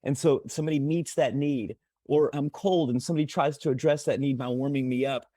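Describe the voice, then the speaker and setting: A man on a mental health podcast, speaking haltingly with repeated words and explaining through everyday analogies. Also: mid-range voice, fairly even intonation, dark tone, no room sound. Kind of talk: podcast conversation.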